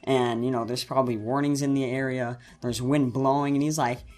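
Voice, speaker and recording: A teenage boy hosting a casual storytime vlog, rambling and correcting himself as he tells an animated story. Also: mid-range voice, fairly quick, faint music behind. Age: teens. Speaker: channel host.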